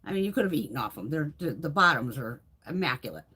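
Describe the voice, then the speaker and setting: A woman with a low, slightly rough voice hosts a live beauty stream, talking quickly and casually during a room tour. She's blunt and animated, swears constantly and laughs often.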